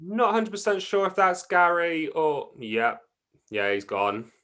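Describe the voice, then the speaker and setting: A man's voice: fairly high pitch, sing-song, unhurried, fairly bright tone. Man crew member, short plain replies. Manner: brief, matter-of-fact replies.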